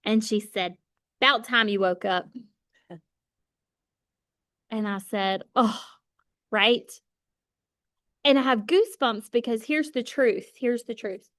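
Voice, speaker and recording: A woman's voice: a little high, slow pace, long pauses, fairly bright tone, no room sound, studio quality. A woman giving an emphatic motivational talk to her sales team, repeating phrases for effect.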